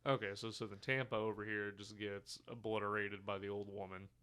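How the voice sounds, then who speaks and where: A man's voice: fairly low pitch, flat delivery, fairly quick, sharp tone, clear, resonant tone. A man co-hosting a podcast, casually retelling movie scenes and acting out the characters' lines with some swearing. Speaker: podcast co-host. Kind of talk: casual movie review chat.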